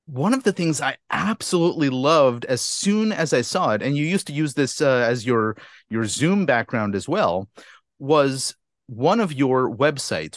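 A man's voice: medium pitch, no room sound, studio quality. A man hosting a marketing podcast, chatty and self-deprecating as he interviews a guest. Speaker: podcast host. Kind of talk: casual interview chat.

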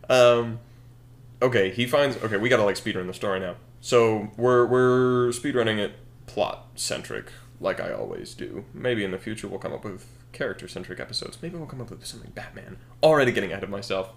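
Rambling young man, lowish voice. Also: lively intonation, a little fast, vocal fry. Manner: rambling, thinks aloud with fillers and self-corrections. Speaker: podcast co-host. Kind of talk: casual podcast chat, brainstorming a story.

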